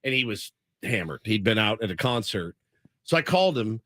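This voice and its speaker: A male sports radio host in casual chat, an animated storyteller who laughs easily. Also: lowish voice, normal speed, no room sound.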